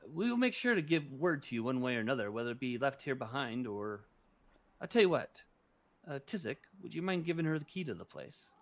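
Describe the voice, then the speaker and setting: An earnest older uncle speaks with gentle sincerity, as a man plays him. His pitch moves lively through each phrase. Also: brisk, no echo.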